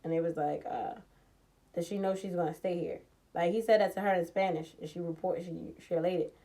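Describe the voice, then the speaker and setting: A young woman in a casual storytime vlog, telling a personal story in a heated, profane, animated way and acting out the dialogue. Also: on the low side, fairly quick.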